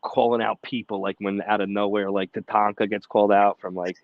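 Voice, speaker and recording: A man co-hosting a casual podcast chat, telling animated, profane stories and acting out shouted quotes. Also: fairly low pitch, fairly quick, no room sound, phone-quality sound. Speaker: podcast co-host.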